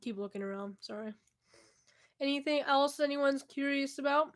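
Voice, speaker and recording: A woman's voice: sits high, normal speed. A young woman answering viewer questions in a casual vlog at home, candid and chatty, often laughing and trailing off. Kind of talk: casual Q&A chat to camera. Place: indoors at home, cat nearby.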